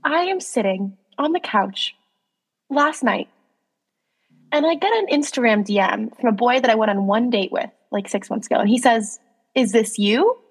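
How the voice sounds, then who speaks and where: A woman's voice: fairly high pitch, moderate pace, breathy edge, in a large hall. A young woman in her twenties co-hosting a casual chat, telling stories with lots of laughs and "like". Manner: chatty, giggly, lots of "like". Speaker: podcast co-host. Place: New York.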